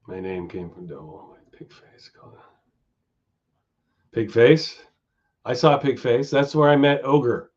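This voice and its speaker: A man's voice: medium pitch, lively intonation, measured pace, pauses often, darkish tone. A man hosting a live stream, chatting casually with viewers, going off on tangents and swearing freely. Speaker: stream host. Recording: dull lo-fi stream audio.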